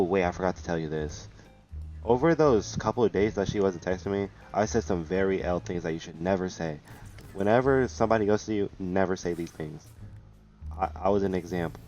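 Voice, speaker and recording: Young man, very low voice, storytime vlogger; loose and rambling, slang-heavy, faint music underneath. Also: darkish tone. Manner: rambling, full of restarts and slang. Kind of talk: casual storytelling.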